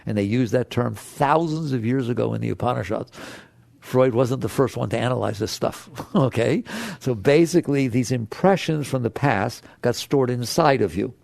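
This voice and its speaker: Gravelly older man giving a lively talk. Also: medium pitch, moderate pace, no echo. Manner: animated, conversational, asks the audience questions, acts out inner voices. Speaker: spiritual teacher. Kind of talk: talk to a live audience.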